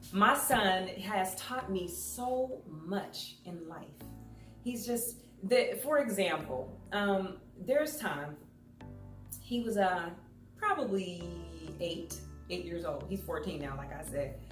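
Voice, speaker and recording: Woman, thirties, lively storyteller on stage; echoey hall, faint music. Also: mid-range voice, slow. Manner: animated, acts out voices in her stories. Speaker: public speaker. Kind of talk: storytelling talk to an audience.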